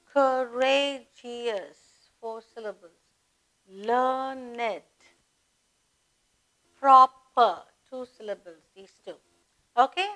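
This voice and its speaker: A woman with an Indian English accent teaching a grammar lesson, dictating word lists in a deliberate way. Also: high-pitched, fairly bright tone, low-quality recording. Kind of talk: slow classroom grammar lesson.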